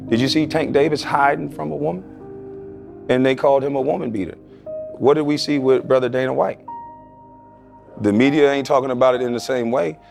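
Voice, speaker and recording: A man's voice: mid-range voice, creaky. A man, a former pro basketball player, answering as a guest in a podcast interview in a blunt, emphatic, argumentative way.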